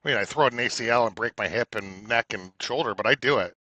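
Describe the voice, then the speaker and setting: A man's voice: mid-range voice, fast talker, bright, forceful tone. A man co-hosting a casual wrestling podcast, chiming in with short dry joking asides. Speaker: podcast co-host.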